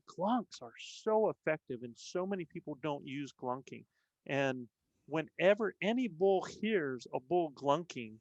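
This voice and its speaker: A man with a somewhat raised pitch speaks in a dry, close sound with no room around his voice. He explains eagerly as a podcast guest, restarting his phrases often in a casual, conversational flow. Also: no room sound, muffled recording. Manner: earnest explaining with frequent restarts. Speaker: podcast guest, veteran elk bowhunter.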